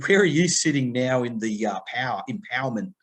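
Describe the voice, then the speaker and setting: A man's voice: mid-range voice, normal speed, breathy edge. A middle-aged Australian man talking as a podcast guest, telling stories with energy and acting out the other voices in them. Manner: animated storytelling, acting out phone quotes. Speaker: guest, people-pleasing coach. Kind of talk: conversational podcast interview.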